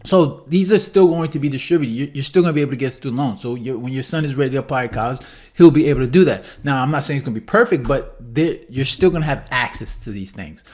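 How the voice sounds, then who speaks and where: A man at a middle pitch talks through his opinions in a relaxed commentary video. He circles back to his points and keeps asking "right?". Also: quick pace. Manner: opinionated, repetitive, says "right?" a lot. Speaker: political commentary video host. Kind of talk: casual commentary.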